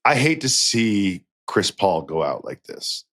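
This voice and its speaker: A man's voice: on the low side, unhurried. A man co-hosting a casual basketball podcast, talking animatedly and acting out what players might say. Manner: animated, acts out imagined player quotes. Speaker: podcast co-host. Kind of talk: casual sports chat.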